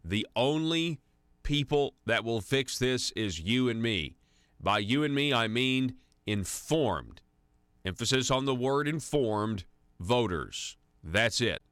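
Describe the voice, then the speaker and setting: A man's voice: fairly low pitch, pushed and bright, dry recording. A man hosting a conservative talk radio show, delivering an indignant, sarcastic monologue full of restarts into a studio microphone. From United States.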